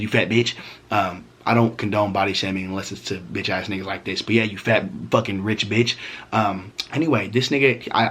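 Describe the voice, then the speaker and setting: A man's voice: fairly low pitch, fairly bright tone, slightly rough. A young man vlogging a storytime, talking casually with heavy slang, swearing and fillers.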